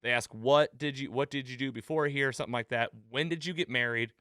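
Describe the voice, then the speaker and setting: A man's voice: medium pitch, fairly quick, clear, resonant tone, dry recording. Dry-voiced man retelling TV scenes. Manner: animated retelling, acts out quotes. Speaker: podcast host. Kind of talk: casual recap chat.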